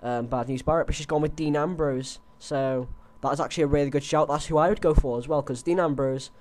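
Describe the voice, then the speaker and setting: This young male host, on a headset, offers wrestling predictions in a loose, chatty way, restarting often and leaning on fillers. He sounds a little high and slightly mellow, keeping a steady tone at a somewhat fast pace.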